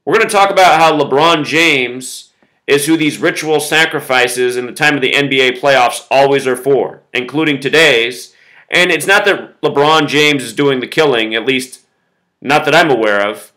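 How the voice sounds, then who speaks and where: A man talks straight to the camera in a bright, forceful voice. He lays out his number patterns insistently, one point after the next, at a middling pitch for a man. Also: normal speed, poor audio. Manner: insistent, explains with numbers, quotes song lyrics. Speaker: conspiracy video host. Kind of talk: solo monologue video.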